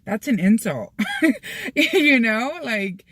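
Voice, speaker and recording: A woman's voice: on the high side, big pitch swings, takes it slowly, a bit bright, breathy edge, dry recording. A young woman chatting casually to camera, full of fillers, slipping in Spanish phrases, from a Mexican-American family. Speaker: vlogger.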